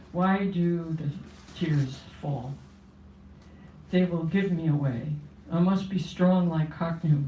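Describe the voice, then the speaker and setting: A poet at a cafe open mic, giving a measured, solemn reading of a first-person poem. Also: medium pitch, warm tone, lo-fi sound, slight background noise. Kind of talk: poetry reading. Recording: roomy cafe sound from a distance.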